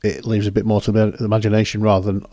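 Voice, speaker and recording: Guy talking over his pics, lowish voice, dry close sound, keeps rambling and correcting himself. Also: completely flat delivery, fast, warm tone, no room sound. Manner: rambling, self-correcting, chatty. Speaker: photographer and host. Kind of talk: casual commentary over photos.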